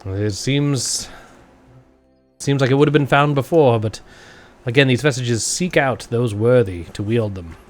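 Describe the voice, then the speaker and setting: A man's voice: medium pitch, a little slow, faint music behind. A man running a tabletop game as game master, narrating and laughing often.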